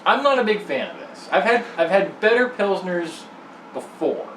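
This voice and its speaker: A man with a high, very animated voice adds wry asides and hesitates with many fillers while co-hosting a casual beer review. He sounds far off in an echoey room over a faint hiss. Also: moderate pace. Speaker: co-host.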